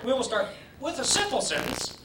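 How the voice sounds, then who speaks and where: High-voiced male comic, crude crowd work. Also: wildly swooping pitch, a little fast, far from the mic, very noisy. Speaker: stand-up comedian. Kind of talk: stand-up set. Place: comedy club stage. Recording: roomy club taped from afar, loud crowd.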